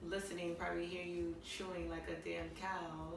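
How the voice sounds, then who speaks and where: Woman, blunt teasing co-host, gravelly low voice, far from the mic, very roomy with clear noise. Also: little pitch movement, normal speed. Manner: blunt, teasing, laughs often. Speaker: podcast co-host. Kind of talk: casual chat. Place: living room couch. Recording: very echoey room, distant mic, audible noise.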